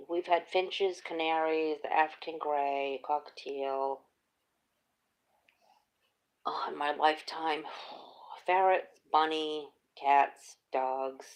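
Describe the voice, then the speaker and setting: Low gravelly middle-aged woman telling stories. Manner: animated storytelling, laughs often. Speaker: host. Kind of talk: casual chat.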